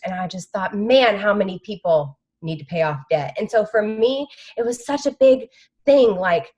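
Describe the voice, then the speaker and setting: A woman's voice: medium pitch, animated, moderate pace, a little mellow, husky. A woman who shares an emotional, rambling conference recap on a video call. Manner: emotional, rambling, with many fillers. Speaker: team member sharing a conference recap.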